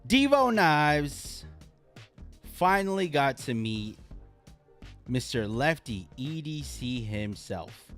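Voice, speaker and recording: A man hosting a casual live stream, chatting with viewers and reacting with loud exclamations. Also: mid-range voice. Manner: animated, exclaims and laughs at viewers' comments. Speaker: live stream host reviewing knives.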